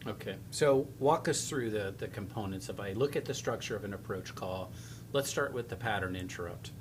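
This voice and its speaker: A man's voice: on the low side, brisk, slight background noise. A man hosting a sales webinar, steering the guest with conversational prompts. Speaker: webinar host, interviewer. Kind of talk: webinar interview questions.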